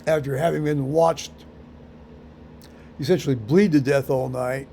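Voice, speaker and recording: A man rambling through a solo vlog monologue, halting with many fillers and restarts, with dry dark humor. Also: medium pitch, steady tone, gravelly, slight background noise. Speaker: vlogger.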